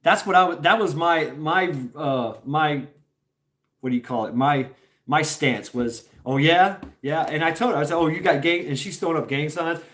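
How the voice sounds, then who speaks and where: A man's voice: on the high side, moderate pace, fairly bright tone. A middle-aged man from Tennessee, telling a rambling story to his stream chat, laughing often, swearing freely and restarting his sentences.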